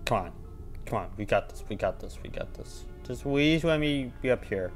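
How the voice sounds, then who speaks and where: A man commentating his own horror game playthrough, muttering to himself between sudden panicked shouts. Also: mid-range voice, lively intonation, moderate pace, soft background music. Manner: mutters to himself, then yelps and shouts when scared. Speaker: gaming channel host.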